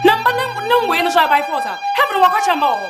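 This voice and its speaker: A woman's voice: very high voice, sing-song, normal speed, roomy sound, loud music behind the voice. Woman playing a pleading Ghanaian young wife. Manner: pleading, defensive. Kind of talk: Ghanaian film drama acting.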